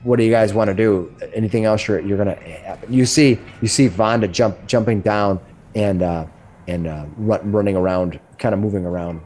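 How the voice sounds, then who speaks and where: A middle-aged man narrating as game master, describing rooms in a halting way with many restarts. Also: lowish voice, a little mellow.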